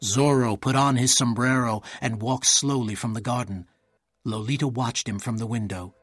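A man narrating a story aloud in a clear, measured way, voicing each character in turn. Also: mid-range voice, steady tone, no echo, clean studio sound, soft background music.

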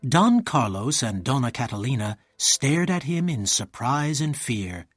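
Husky-voiced man reading a story. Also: mid-range voice, big pitch swings, no echo, soft background music. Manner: clear, measured storytelling with voiced characters. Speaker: narrator. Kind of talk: storybook read-aloud narration.

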